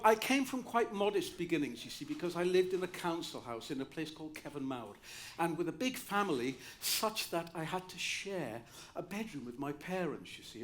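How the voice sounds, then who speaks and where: A man's voice: on the high side, a little hiss or hum. A man in his sixties from North Wales, a musical director telling wry anecdotes on a cabaret stage. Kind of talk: cabaret storytelling.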